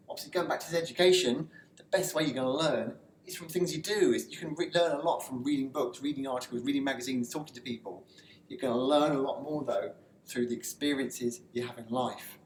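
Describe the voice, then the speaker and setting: A man delivers a personal development lesson in a relaxed, conversational way, often restarting his sentences. His voice sits at an ordinary middle pitch. The recording has a noticeable room echo and a faint hum of ambience underneath. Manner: loose and conversational, frequent fillers and restarts. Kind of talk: motivational talk to camera.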